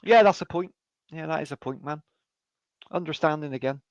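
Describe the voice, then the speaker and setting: A man with a fairly high voice chats bluntly, swearing freely as he tells animated stories. The sound is dull and lo-fi, with no room echo at all. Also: fairly quick. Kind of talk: casual chat.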